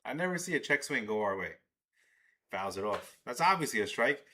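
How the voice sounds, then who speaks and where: A man hosting a live baseball watch-along stream, excitable and swearing as he talks to his chat. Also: mid-range voice, a little fast, slight background noise. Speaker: livestream host.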